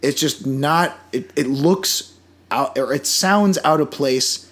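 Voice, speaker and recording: A man's voice: a little high, slow pace, a bit bright. A man co-hosting a podcast, talking casually and enthusiastically with frequent restarts and asides. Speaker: podcast co-host. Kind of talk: casual chat.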